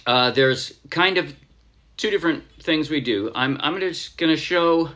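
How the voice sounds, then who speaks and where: A man's voice: fairly high pitch, a little slow, pushed and bright. An American man casually teaching a ukulele song, rambling a little and counting beats aloud over his strumming. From United States. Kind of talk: casual music tutorial.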